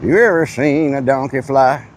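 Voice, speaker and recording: A man's voice: medium pitch, normal speed, slight background noise. A man hosting a livestream outdoors at a petting zoo, goofily teasing the animals. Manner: goofy, teasing animals, bleats at them. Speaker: livestream host. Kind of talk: casual livestream chatter.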